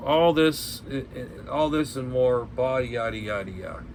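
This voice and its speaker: A man's voice: medium pitch, lively intonation, unhurried, few pauses, slight background noise. A man rambling through a casual chat from home, ranting bluntly, cursing and repeating himself. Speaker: ham radio vlogger.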